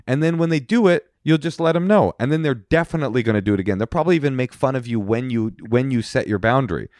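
A man co-hosts an advice podcast in a casual, animated way. He acts out quarrels with relatives in quick put-on voices, at a middling pitch. The recording is close and dry. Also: dry recording. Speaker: co-host giving advice.

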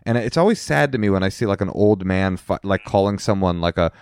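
A man's voice: low voice, fast, clear, resonant tone, dry recording, studio quality. A man co-hosting an advice podcast, talking casually and animatedly, acting out family arguments as he goes. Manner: animated, acts out family quarrels in quoted voices. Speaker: co-host giving advice.

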